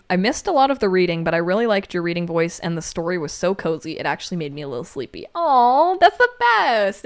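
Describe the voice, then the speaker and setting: A woman co-hosting a livestream, reading viewer comments aloud in casual chat. She laughs often and jumps to squeaky exclamations. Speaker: livestream co-host.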